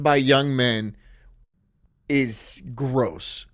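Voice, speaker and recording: A man's voice: medium pitch, sing-song, unhurried, fairly bright tone, no echo, clean studio sound. A man hosting a stream, rambling through crude jokes and laughing at his own bits. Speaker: streamer host. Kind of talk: crude casual stream banter.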